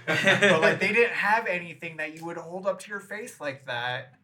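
A man's voice: sits high, normal speed, sharp tone. A young man hosting a casual chat, telling a mystery story full of "like" and "um", then reading out the facts. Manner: filler-heavy, reads facts then riffs. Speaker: podcast host.

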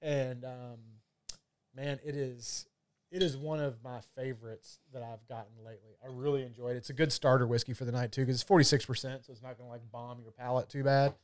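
A man chats casually about whiskey and gin, rambling and swearing freely in a loose, profane way. His voice is medium in pitch with little movement, brisk and clear, with a resonant tone and no echo.

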